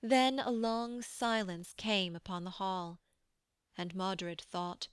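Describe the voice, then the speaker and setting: A woman reads a verse poem for an audiobook with measured, solemn storytelling. Her voice is smooth and resonant, her pace slow, and the recording is dry and close. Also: medium pitch, steady tone, no room sound. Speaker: audiobook narrator. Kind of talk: scripted narration of a verse poem.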